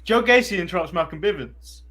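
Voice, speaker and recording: A man with an English accent recaps wrestling on a casual podcast. His voice sits a little high, and he chuckles as he goes. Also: expressive, brisk, sharp tone. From England. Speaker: podcast co-host. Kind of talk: casual chat.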